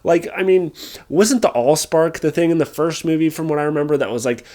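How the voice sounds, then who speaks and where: A young man with a somewhat high-pitched voice delivers a casual spoken movie review. He sounds exasperated, rambling, doubling back on himself, and he curses freely as he complains. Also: fairly quick. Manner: exasperated, frequently swearing; animated, rambling with restarts.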